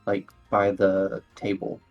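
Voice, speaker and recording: A man's voice: low voice, completely flat delivery, slow, muffled recording, soft background music. A man playing in a tabletop game, describing his character's moves hesitantly and filling gaps with "like.". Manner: hesitant, hedges with many likes. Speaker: player. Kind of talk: casual tabletop play.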